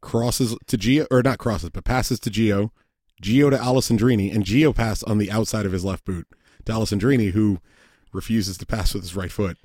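Low-voiced man in blunt, profane sports chat. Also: normal speed, darkish tone, no room sound, studio quality. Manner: blunt, profane, restarts sentences often. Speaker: podcast co-host.

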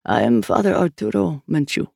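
Calm older priest, voiced by a woman reading, measured, gravelly edge, dry close sound. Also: fairly high pitch, no echo, heavily acted.

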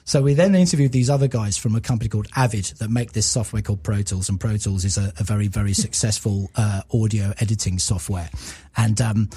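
A man's voice: lowish voice, quick pace, few pauses, warm tone, slightly rough. A man, a podcast guest rambling through enthusiastic stories and acting out what people said. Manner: rambling, enthusiastic storyteller who acts out quotes. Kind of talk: casual chat.

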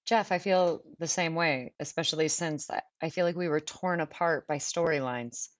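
Californian woman co-host, chatty and self-mocking, lowish voice, dry dull recording. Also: normal speed, dry recording. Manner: chatty, self-deprecating, laughs often. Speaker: actress, podcast co-host. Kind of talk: casual podcast chat.

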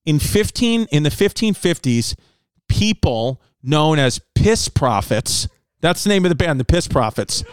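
A brash, foul-mouthed male comedian runs a podcast segment, reading odd facts and riffing on them loudly. His voice sits a bit high for a man. The sound is close and dry, with no room in it. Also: unhurried, clean tone, dry recording. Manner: loud, brash, swears a lot, animated voices for others.

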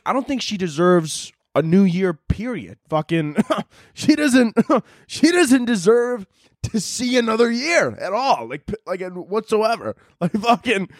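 Crude, rambling young man, a bit high. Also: dry recording, clean studio sound. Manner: crude, rambling, laughs often. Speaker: podcast host. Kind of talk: profane comedic monologue.

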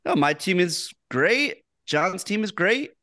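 Bright, high-voiced man hyping sports. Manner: quick jokey interjections, excitable sports hype. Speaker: podcast co-host. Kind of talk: casual chat.

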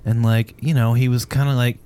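A man's voice: medium pitch, level tone, fairly quick, dark tone, clean tone. A man in his thirties co-hosting a casual podcast chat, telling stories with jokes and swearing. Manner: profane, joking storyteller. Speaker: podcast co-host.

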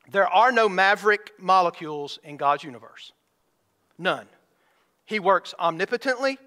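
A man's voice: sits high, pushed and bright. A man preaching a sermon as a pastor, stretching out key words and firing rhetorical questions at his congregation. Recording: hall reverb.

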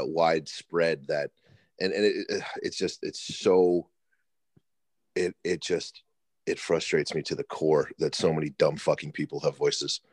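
A man co-hosting a casual podcast, emphatic and halting, often restarting his sentences. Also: a bass voice, a little mellow, no room sound, clean studio sound. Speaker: podcast co-host.

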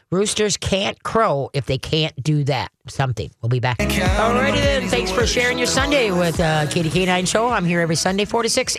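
A woman's voice: fairly low pitch, no room sound. Older woman, radio host, folksy, chatty, very dry close sound. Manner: chatty and folksy, acts out dog commands. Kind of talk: call-in radio advice.

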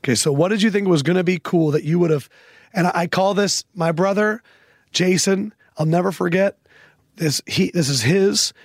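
A man with a fairly high voice hosts a casual podcast chat, rambling through stories and putting on the voices of people he quotes. The sound is dry and close, with no room around it. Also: normal speed, no echo. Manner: rambling storyteller who acts out quotes. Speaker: podcast host.

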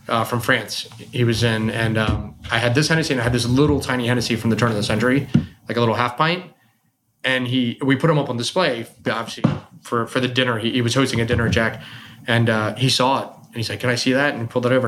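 A man talks quickly in a loose, chatty way, winding through long anecdotes and often circling back mid-sentence. His pitch sits in an ordinary middle range, and a faint hiss runs under the recording. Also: fairly even intonation. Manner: rambling storyteller, trailing off and restarting. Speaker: bar owner and whiskey collector. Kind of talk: casual chat.

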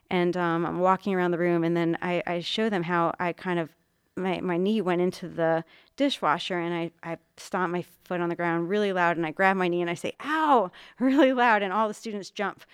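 Animated woman telling a story. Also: fairly low pitch, clear, resonant tone, no room sound, clean studio sound. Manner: animated storyteller, acts out quotes. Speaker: art teacher and mother. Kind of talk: casual storytelling chat.

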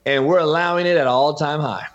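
Dull lo-fi audio captures a middle-aged football coach and podcaster talking with passion as an interview guest. His voice is a little high and quick, and he keeps addressing the host by name with emphasis.

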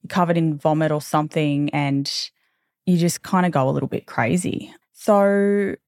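Woman in her thirties, low voice, candid chatty host, dry close sound. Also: steady tone, normal speed, darkish tone, dry recording. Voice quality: low, not girly voice. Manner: candid, chatty, casually swearing, goes off on tangents. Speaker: podcast host. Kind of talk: casual chat.

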